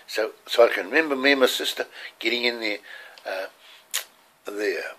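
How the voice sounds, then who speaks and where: A man's voice: mid-range voice, moderate pace, sharp tone. An older man with an Australian accent, telling rambling, earnest stories from his childhood. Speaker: storyteller. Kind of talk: personal childhood storytelling.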